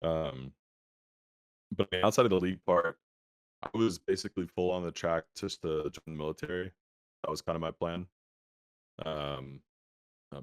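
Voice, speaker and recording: A young man with a very low, smooth, resonant voice is an easygoing interview guest, speaking at normal speed with long pauses and lots of "um" and "like." The dry audio, free of room sound, comes over a laggy video call that sometimes stutters.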